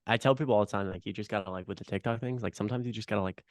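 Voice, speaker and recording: A man's voice: fairly low pitch, very fast, no echo, clean studio sound. A young man hosting a podcast, chatting casually with lots of fillers, swearing and eager agreement. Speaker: podcast host.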